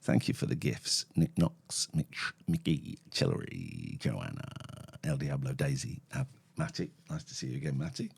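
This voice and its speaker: A man's voice: a bass voice, expressive, moderate pace, gravelly, a little mellow, husky. A man hosting a phone-in show, chatting casually with callers in a blunt, sweary, sardonic way. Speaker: phone-in host. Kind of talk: casual live-stream chat.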